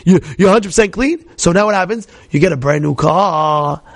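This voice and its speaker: High gravelly rabbi, shouting stories. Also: male voice, a little fast, dry recording. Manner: storytelling with shouted outbursts and repeated restarts. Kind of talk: animated Torah talk.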